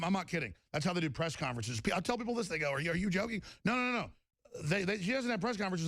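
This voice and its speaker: A man's voice: on the high side, gravelly, a bit bright, no echo. A man hosting a talk-radio show, delivering an emphatic, rambling monologue and often repeating himself.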